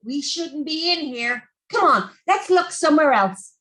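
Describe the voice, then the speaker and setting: A woman's voice: high-pitched, animated, measured pace, bright, forceful tone, heavily acted. A woman voicing a cautious, sensible young girl scolding her brother in a storybook reading. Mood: worried.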